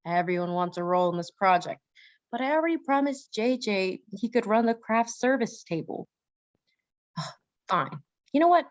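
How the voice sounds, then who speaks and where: A woman's voice: medium pitch, no room sound, close to an everyday voice. A woman voicing a brash, boastful young man who talks in a bossy way, in an amateur comedic audio drama. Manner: bossy, fast-talking bragging. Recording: dull dry lo-fi mic.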